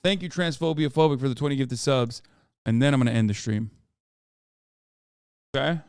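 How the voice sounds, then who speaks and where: A man hosting a livestream in casual chat, reading viewer posts aloud in an offhand, sarcastic way with loud outbursts. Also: mid-range voice, moderate pace, clean tone, no room sound, studio quality. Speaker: livestream host.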